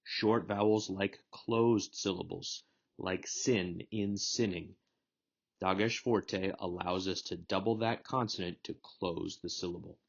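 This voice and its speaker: A man's voice: low-pitched, fairly even intonation, measured pace, creaky, lo-fi sound. A man giving a recorded lecture as a Hebrew instructor, explaining grammar rules step by step. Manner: methodical, explanatory teaching.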